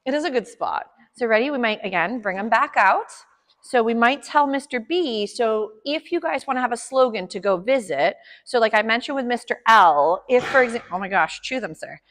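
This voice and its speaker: A woman's voice: on the high side, expressive, moderate pace, fairly bright tone, long reverb tail. A woman dog trainer explaining a session to her clients, upbeat, chatty and encouraging.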